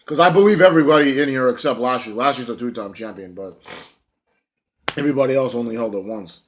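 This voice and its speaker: A man's voice: mid-range voice, quick pace, slight background noise. A young man giving a casual spoken review, blunt and rambling, swearing often and filling with ums and likes. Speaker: wrestling show reviewer.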